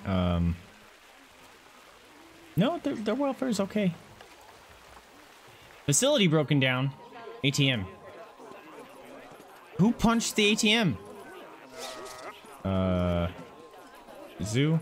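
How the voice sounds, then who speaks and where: A man's voice: on the high side, huge pitch swings, slow, pauses often. A man commenting on his own playthrough of a zoo game, who gushes over the animals in baby talk and mutters to himself through the menus. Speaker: gaming channel host.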